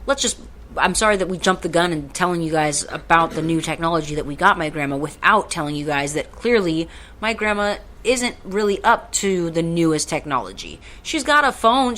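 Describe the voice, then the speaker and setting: A woman's voice: lowish voice, fairly bright tone. A woman co-hosting a podcast in casual chat, rambling and swearing freely. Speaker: podcast co-host.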